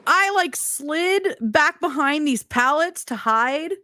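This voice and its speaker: A woman's voice: high voice, expressive, slow, bright, forceful tone, no room sound, studio quality. A woman hosting a podcast, joking crudely and giggling in casual chat. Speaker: host.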